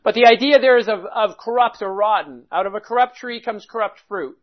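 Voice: medium pitch, brisk. Methodical preacher, dull lo-fi recording. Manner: methodical, explains word by word, asks rhetorical questions. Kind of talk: expository Bible teaching sermon.

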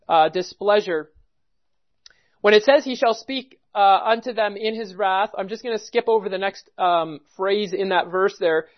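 High-voiced preaching man, lo-fi sound. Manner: earnest preaching, quotes scripture in old English. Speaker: pastor. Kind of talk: sermon.

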